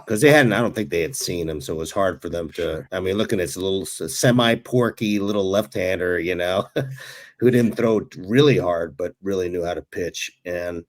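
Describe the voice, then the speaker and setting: A man, a former ballplayer, co-hosting a casual sports talk show and telling animated stories with chuckles. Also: deep voice, moderate pace. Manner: animated storyteller who chuckles while recalling. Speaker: podcast co-host, former pro ballplayer.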